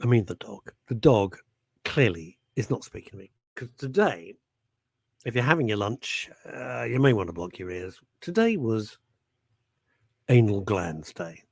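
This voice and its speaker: Middle-aged guy hosting radio, jokey rambling, bouncy pitch, dry close sound. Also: sing-song, a little slow, vocal fry, slightly rough, dry recording. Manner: rambling, self-mocking, jokey asides. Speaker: radio show host. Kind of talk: chatty live radio presenting.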